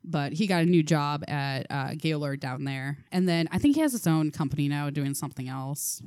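A young woman with a slightly low voice tells anecdotes on a podcast, laughing often and filling pauses with lots of ums. The sound is close and dry, with very little room echo. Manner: animated storyteller, laughs often, many ums. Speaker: podcast guest. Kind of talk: casual chat.

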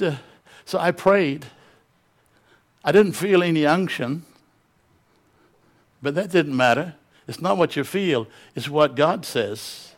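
A man preaching a sermon as a pastor, telling stories with impassioned, dramatic delivery. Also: a little high.

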